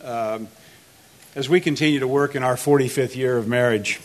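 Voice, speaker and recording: A man's voice: medium pitch, heavy background noise. A man in his sixties, speaking earnestly and measuredly as he prays and tells his life story at a church marriage event. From United States. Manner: earnest, measured, with frequent uh fillers. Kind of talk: testimony and prayer.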